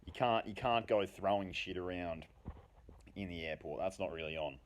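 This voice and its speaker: A man voicing a big airport manager who talks in a soothing, overly reasonable and loud way. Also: sits low, normal speed, slight background noise, close to an everyday voice. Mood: placating.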